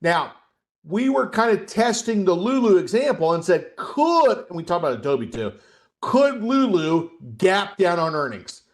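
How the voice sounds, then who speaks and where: A male trading coach runs a live webcast lesson. His voice sits a little high, and he explains in a loose, conversational way, checking in with listeners as he goes. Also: very animated, a little slow. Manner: conversational, asks the audience questions and checks in with "okay?".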